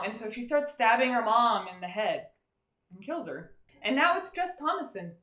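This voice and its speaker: A woman co-hosting a podcast, casually recapping a movie as an animated storyteller who acts out scenes in quick voices. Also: on the high side. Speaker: podcast co-host. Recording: roomy echo.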